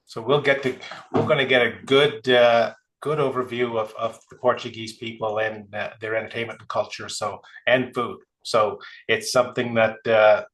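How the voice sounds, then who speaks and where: Relaxed male tour host. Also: mid-range voice, moderate pace, hardly any pauses, rough recording. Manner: relaxed, short affirming replies. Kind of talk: casual interview chat.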